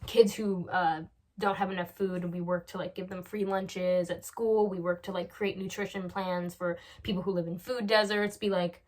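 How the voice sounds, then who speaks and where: A woman's voice: fairly low pitch, level tone, moderate pace, darkish tone. Young woman rambling through comedic advice. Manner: rambling, acts out both sides of dialogues with laughter. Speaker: vlogger.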